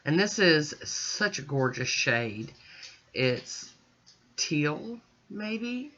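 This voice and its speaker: A woman narrates her nail art video in a chatty voice-over, talking through every step as she goes. Her voice is bright and forceful, and the recording sounds dull and lo-fi. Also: deep voice, animated, very slow. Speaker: nail art channel host. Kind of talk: casual voice-over nail tutorial.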